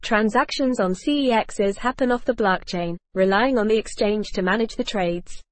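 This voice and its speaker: Woman podcast host, mid-pitched, dry close sound, smooth scripted read. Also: normal speed, no echo. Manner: polished, evenly read, reads cue notes aloud.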